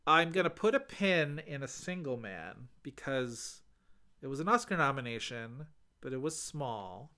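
A man co-hosting a casual film podcast, animated and enthusiastic. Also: medium pitch, a little slow, clear, resonant tone. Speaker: podcast co-host.

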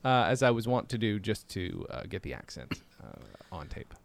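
A man's voice: lowish voice, very animated, normal speed, gravelly. A man hosting a podcast in casual chat, rambling and self-deprecating, with lots of fillers and restarts. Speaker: podcast host.

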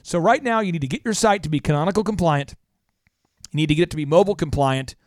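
A male podcast host and business coach who talks in an energetic, rambling way and explains things with analogies. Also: on the high side, quick pace, dry recording, clean studio sound. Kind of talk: casual podcast chat.

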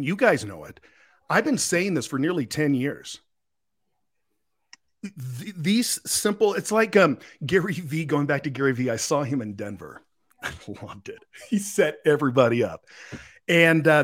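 Real estate guy on a podcast, excited storyteller, slightly high voice. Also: normal speed. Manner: energetic storyteller, repeats words. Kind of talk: casual podcast chat.

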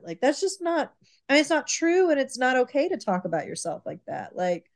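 A woman co-hosting a podcast in casual chat, emphatic and animated, often repeating herself as she makes her point. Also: sits high, brisk. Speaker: podcast co-host.

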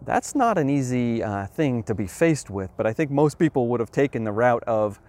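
A man's voice: medium pitch, sing-song, a little mellow. Earnest man explaining science. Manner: earnest, emphatic, with measured pauses.

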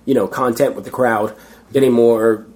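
A man's voice: mid-range voice, steady tone, moderate pace, a little mellow. A Canadian man, a street performer, telling rambling, self-deprecating stories full of fillers in a casual interview.

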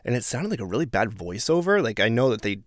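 A man's voice: mid-range voice, quick pace, dry recording, studio quality. A man giving a casual, sarcastic recap of a reality show, sometimes exasperated. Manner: exasperated, sarcastic, animated outbursts.

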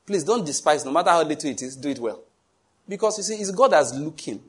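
A man's voice: on the high side, lively intonation, fast, breathy edge. A man preaching a sermon emphatically and asking the congregation questions. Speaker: pastor.

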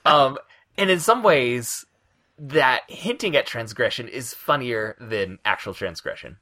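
A man's voice: mid-range voice, measured pace. A man co-hosting a podcast, eagerly retelling comic scenes and explaining what makes them funny. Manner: lively, retells scenes with relish. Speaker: podcast co-host. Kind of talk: casual chat.

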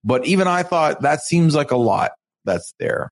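A man co-hosting a podcast, chatting casually while recapping a reality show, with halting restarts and quotes he acts out. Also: fairly high pitch, very animated. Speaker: podcast co-host.

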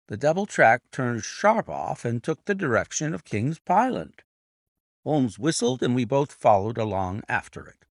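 A man narrating a classic detective story aloud with expressive storytelling. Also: medium pitch, measured pace, no room sound, studio quality. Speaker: narrator and annotator. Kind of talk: audiobook narration.

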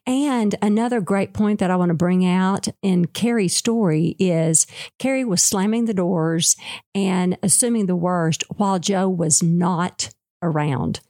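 A woman's voice: lowish voice, measured pace, warm tone, no echo, studio quality. A woman hosting a talk, who listens with frequent affirmations and then draws out the lesson. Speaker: host. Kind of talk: conversational talk show.

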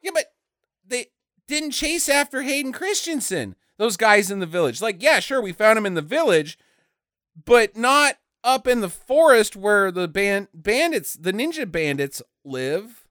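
A man riffing on a movie with his co-hosts, swearing and laughing as he goes. His voice is smooth and a touch high, and it swings up and down a lot. The sound is dry and close-miked. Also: a little slow, no room sound. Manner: animated, profane, laughing asides. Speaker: podcast co-host.

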